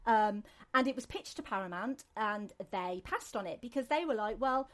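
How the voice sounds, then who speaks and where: A woman's voice: medium pitch, animated, moderate pace, a bit bright. A British woman hosting a podcast, chatting casually in a rambling way with many fillers and restarts. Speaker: podcast host. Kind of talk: casual chat.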